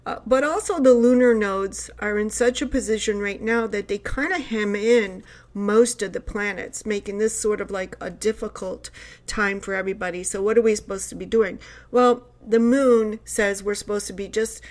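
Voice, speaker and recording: A woman astrologer gives a casual horoscope talk at a medium pitch. She talks in a loose, chatty way, wandering through her points and circling back to them. Her tone is conversational and unscripted. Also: darkish tone. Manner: chatty and rambling, with many fillers and restarts. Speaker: astrologer, host of a horoscope channel. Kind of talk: casual spoken horoscope monologue.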